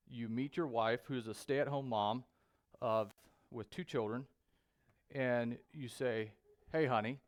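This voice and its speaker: A man preaching a sermon in a church, speaking deliberately with frequent pauses and fillers. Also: mid-range voice. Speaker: pastor. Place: church sanctuary.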